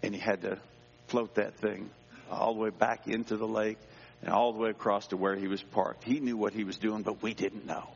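A male pastor telling a personal story in a sermon, dramatic, dropping to a hush and rising again. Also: fairly low pitch, flat delivery, moderate pace, creaky, a little hiss or hum. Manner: dramatic, swings between hushed and raised voice. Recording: dull sound with long hall reverb.

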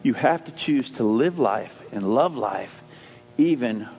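A man's voice: medium pitch, expressive, a little slow. A man preaching a sermon, emphatic and repetitive, shifting the stress from word to word. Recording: dull lo-fi sound with faint hum.

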